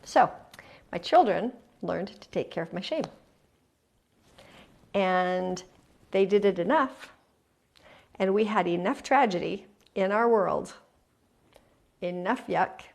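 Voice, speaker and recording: A middle-aged woman host talking earnestly and confessionally to listeners about her own life, sometimes dropping to a soft hush. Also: medium pitch, gravelly. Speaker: podcast host. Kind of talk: heartfelt personal talk to listeners.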